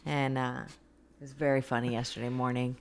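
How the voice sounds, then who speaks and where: A woman's voice: a bass voice, flat delivery, normal speed, darkish tone. A woman co-hosting a podcast, chatting playfully about her busy work week. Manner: playful, giggly wordplay. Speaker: co-host. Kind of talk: casual chat.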